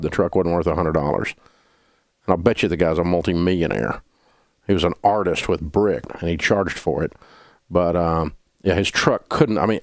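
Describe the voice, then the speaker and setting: Deep-voiced older man, folksy finance talk. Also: no echo, studio quality. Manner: folksy storytelling, emphatic. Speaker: host.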